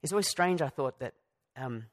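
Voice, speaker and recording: A man's voice: mid-range voice, lively intonation, moderate pace. A man preaching a sermon in a conversational way, with asides and restarts. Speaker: pastor.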